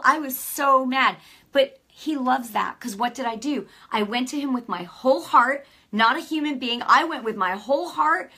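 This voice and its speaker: A middle-aged woman giving an emotional testimony, her storytelling swinging from hushed near-whispers to loud, fervent declarations. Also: mid-range voice, moderate pace. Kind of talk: testimony sermon.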